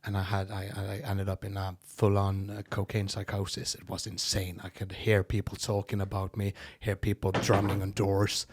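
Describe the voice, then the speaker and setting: A man's voice: deep voice, completely flat delivery, breathy edge. A man with a Norwegian accent, a comedian chatting candidly as a podcast guest, with frequent restarts. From Norway. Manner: candid, quick, lots of restarts and laughs. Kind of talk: casual podcast chat.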